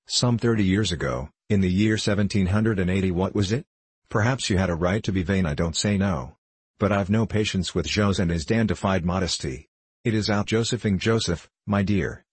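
A jovial old gentleman who teases without mercy, read by a man. The voice sits deep and a little husky, and the tone stays mocking and playful. It sounds close and dry. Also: fairly quick, dry recording. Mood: bantering. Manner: boisterous, mocking.

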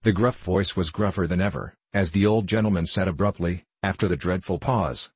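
Man, audiobook narrator, deep voice, husky, dry close sound, steady storytelling. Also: a little fast, few pauses, no room sound.

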